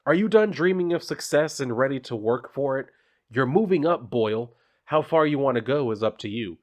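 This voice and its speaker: A man's voice: mid-range voice, animated, moderate pace, pitched above the performer's own voice, close to an everyday voice. A man reading as a smug corporate boss. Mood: patronizing. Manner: read aloud from a comic, patronizing.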